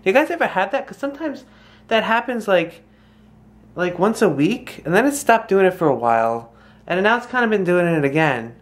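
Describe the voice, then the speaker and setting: A woman's voice: medium pitch, sing-song, a little fast. A young woman casually vlogging to her viewers, chatting directly to them and slipping into playful baby talk with her toddler. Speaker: family vlogger. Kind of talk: casual vlog chat to camera.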